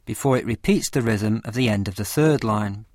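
A man reading a scripted lesson with a measured, careful explanatory delivery. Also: on the low side, background noise. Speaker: teacher of poetry. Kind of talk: scripted lecture narration.

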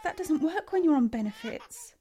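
A woman's voice: high voice, sing-song, normal speed, warm tone. An actress playing a desperate young mother buried in debt, crying and swearing in frustration. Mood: weary tearful. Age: 30s. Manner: tearful, swearing, exasperated. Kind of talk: scripted educational drama.

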